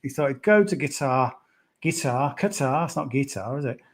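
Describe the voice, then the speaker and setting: A man's voice: medium pitch, expressive, normal speed. A man with a middling voice talks through golf tips in an easygoing podcast chat. He meanders, trails off and restarts, and pads his thoughts with fillers. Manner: rambling, hesitant, lots of "sort of" and "yeah". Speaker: golf betting pundit.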